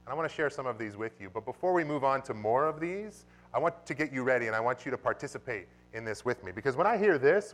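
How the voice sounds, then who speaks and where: A man preaching a sermon as pastor of his church, animated and sometimes bursting into loud exclamations. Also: medium pitch, fast talker, few pauses. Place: church sanctuary.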